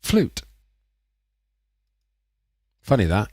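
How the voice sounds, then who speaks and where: A man's voice: drawn-out words, warm tone, dry recording, clean studio sound. A man, rambling and chatting casually while making music on a livestream. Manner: rambling, chatty and self-mocking. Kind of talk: casual live-stream chat.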